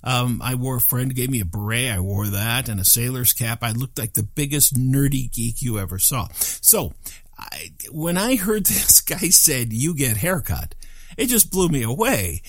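An older man telling a personal story in an animated, self-deprecating way, with chuckling asides. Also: mid-range voice, normal speed, dry recording, clean studio sound.

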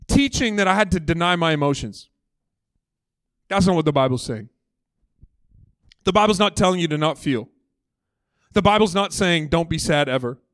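Animated man preaching a sermon. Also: dry recording, studio quality. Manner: animated preaching, calls for congregation responses, drops low and slow on key phrases; conversational with frequent "like" and storytelling. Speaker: pastor. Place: church.

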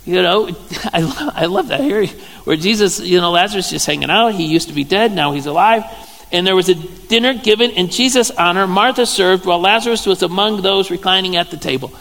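A playful Midwestern pastor in his fifties preaches with a fairly high, gravelly voice. He jokes his way through the sermon and bursts into loud exclamations. His voice rings with the long reverb of a church hall. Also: brisk. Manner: playful, jokey storytelling with sudden loud exclamations.

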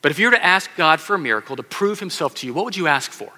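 Racing through his sermon, a pastor speaks in a forceful, bright voice pitched somewhat high. He's animated, performs the voices in his stories, and turns to address the children listening. His words echo with long reverb around a big sanctuary.

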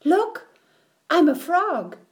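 A woman's voice: mid-range voice, darkish tone. A woman voicing a boastful young male frog in a children's picture book read aloud, speaking with proud emphasis. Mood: triumphant. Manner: proud, emphatic, drawn-out words.

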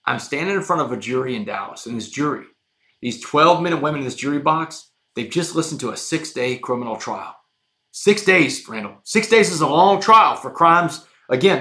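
A man telling his own story as a podcast guest, intense and emphatic, going from hushed lines to shouted ones. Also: fairly high pitch. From Texas. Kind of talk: dramatic storytelling.

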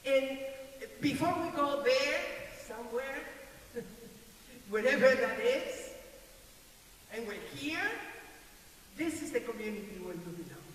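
An older woman with a non-native English accent preaches in an emphatic, bright voice, repeating key phrases. She is heard from a distance in an echoey church hall with a long reverb and a faint hiss behind her. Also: sits high, a little slow, long pauses. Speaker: pastor. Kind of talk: sermon. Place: church sanctuary.

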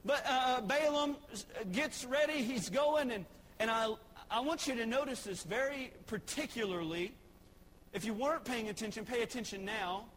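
A man's voice: very high voice, normal speed, a bit bright, slight background noise. A man, a pastor preaching a sermon in a church sanctuary, emphatic and repeating key phrases.

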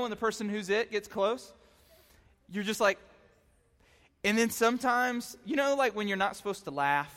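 A man preaching to young people, telling stories in a chatty, excitable way full of filler words. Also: high-pitched. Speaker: youth pastor. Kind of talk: animated youth sermon storytelling. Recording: long reverb in a hall.

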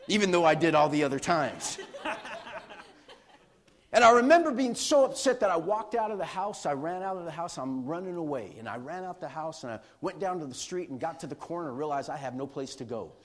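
Brief: middle-aged male pastor, high voice, lively sermon storyteller who laughs. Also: fairly quick. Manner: animated, laughing storyteller acting out quotes.

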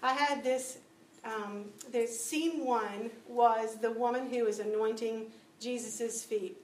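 A woman giving a spoken testimony to a church audience, telling stories with lively acted-out dialogue. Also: a little high, slow pace. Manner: animated storytelling, acting out dialogue. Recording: echoey room, distant mic, faint noise.

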